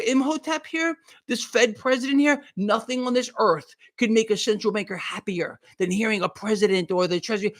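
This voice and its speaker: A man's voice: sits high, brisk, hardly any pauses, fairly bright tone. A middle-aged man doing a live market commentary, heated and sarcastic, often repeating himself as he rants.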